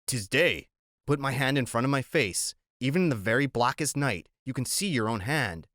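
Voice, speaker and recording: Man, audiobook narrator, middle pitch, measured even delivery, dry close studio mic. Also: no room sound.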